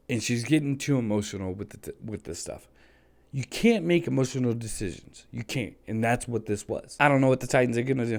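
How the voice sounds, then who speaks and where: Creaky-voiced man ranting about football. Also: medium pitch, a little mellow. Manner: passionate, frustrated, repetitive emphasis. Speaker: sports vlogger. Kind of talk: solo opinion rant.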